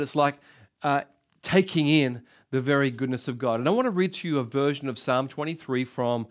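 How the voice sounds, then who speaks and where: A man in his sixties with an Australian accent preaching a sermon, emphatic and repetitive, swinging between loud and soft. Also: mid-range voice, moderate pace. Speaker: pastor.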